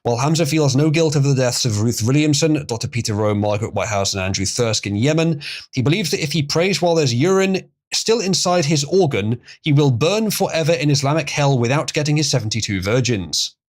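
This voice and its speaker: Man, livestream host, reads articles aloud, sarcastic asides, crude humor, animated pitch. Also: fairly quick. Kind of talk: reading an article aloud with commentary.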